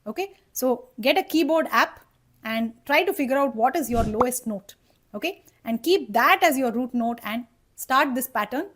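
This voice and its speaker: Woman voice teacher, fairly high pitch, step-by-step instructional delivery. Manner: checks in with "okay?" and "right?"; explains patiently, step by step. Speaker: voice coach. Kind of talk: instructional singing lesson.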